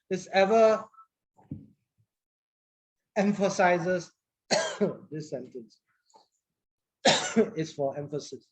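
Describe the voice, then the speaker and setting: A woman's voice: mid-range voice, slow, pauses often. A woman, teaching a class in a chatty manner, often repeating words and asking the class questions. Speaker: English teacher.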